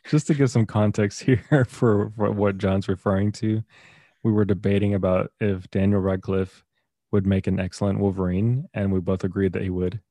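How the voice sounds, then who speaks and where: Casting: man, lowish voice, dry close mic, playful teasing podcast banter. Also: fairly even intonation, moderate pace, mellow, dry recording. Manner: teasing, playful, with stammered restarts. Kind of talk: casual chat.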